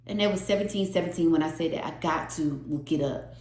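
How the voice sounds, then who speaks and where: A woman's voice: low voice, fast talker, roomy sound, noisy background. A woman giving an emotional, earnest tarot reading to her viewers, repeating phrases for emphasis. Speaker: tarot reader.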